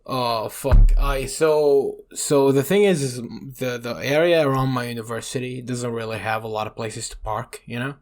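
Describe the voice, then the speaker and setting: A man's voice: mid-range voice, steady tone, normal speed, few pauses, a little hiss or hum. A young man from Iraq co-hosting a podcast, telling stories in a rambling, swear-filled way and leaning on "you know". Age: young adult. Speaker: podcast co-host. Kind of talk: casual chat.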